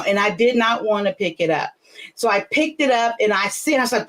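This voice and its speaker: A woman hosting a casual video call chat from home, telling a story with lively acted-out quotes. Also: mid-range voice, moderate pace. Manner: animated storyteller, acts out her own quotes. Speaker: host. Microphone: webcam on a video call.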